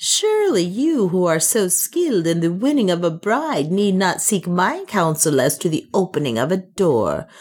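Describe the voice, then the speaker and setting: A woman's voice: medium pitch, darkish tone, slightly rough, voice pushed up. A woman reading aloud, voicing a bitter, scheming servant woman who taunts and mocks. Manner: taunting, scornful.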